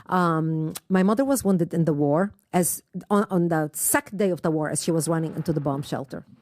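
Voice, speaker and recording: A woman's voice: low-pitched, fairly quick, a little mellow, no echo, clean studio sound. A woman, earnestly telling her personal story as an interview guest. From Lebanon. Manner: earnest, emphatic, retells events in present tense with repeats.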